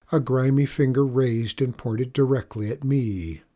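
A man reads a first-person storybook tale aloud at a slow, deliberate pace. His voice sits at an ordinary middle pitch, and his delivery is measured and even. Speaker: audiobook reader.

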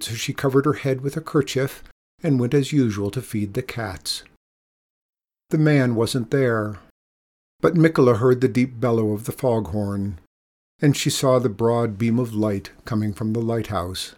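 A man's voice: mid-range voice, a little mellow. Man reading a storybook. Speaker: narrator.

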